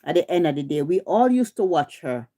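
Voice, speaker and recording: A woman's voice: deep voice, expressive, fairly quick, dark tone. Heated Jamaican woman ranting on a livestream. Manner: confrontational, scolding, repetitive. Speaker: live stream host.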